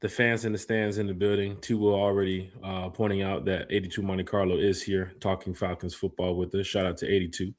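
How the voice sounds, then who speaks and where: Low-voiced man reading live chat shout-outs. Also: flat delivery, brisk, hardly any pauses. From lived in Memphis. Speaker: podcast co-host. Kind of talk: casual live-stream chat.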